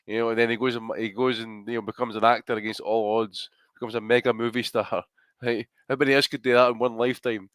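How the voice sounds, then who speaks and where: A man co-hosting a podcast, ranting with animated disbelief and swearing. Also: medium pitch, fast talker, smooth, dry recording. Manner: animated, incredulous rants. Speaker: podcast co-host. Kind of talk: casual podcast banter.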